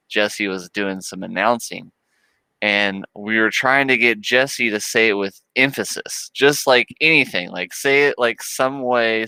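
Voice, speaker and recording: A man in his thirties chatting on a livestream, rambling and laughing his way through a story. His voice is bright and crisp. The sound is dry and close. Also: on the low side, dry recording, low-quality recording. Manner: rambling, laughs often, lots of "like". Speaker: livestream host. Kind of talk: casual storytelling chat.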